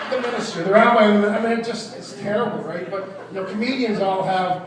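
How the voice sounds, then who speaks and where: A high-voiced older man races through a comedy club set with hardly any pauses, rambling and putting himself down, and sometimes letting a joke trail away. The recording is echoey and far off, with laughter from the crowd.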